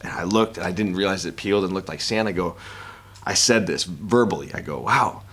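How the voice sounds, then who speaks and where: A man's voice: low voice, brisk, a bit bright. A man answering reporters' questions at a media session, talking casually with many restarts and frequent laughter. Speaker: professional fighter and analyst.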